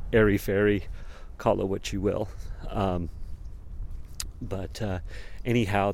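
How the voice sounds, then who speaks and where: A man talking alone in a reflective, rambling monologue, often chuckling and breaking off mid-thought. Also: fairly low pitch.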